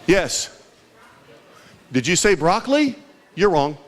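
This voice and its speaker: Man emcee, high and lively voice, unhurried, joking with a crowd at a community cook-off quiz. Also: background noise. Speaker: event emcee. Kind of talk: trivia quiz hosting at a community event. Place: large indoor hall with a crowd.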